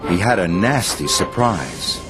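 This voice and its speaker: Brief: male storybook narrator; unhurried, lively, music playing behind. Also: deep voice.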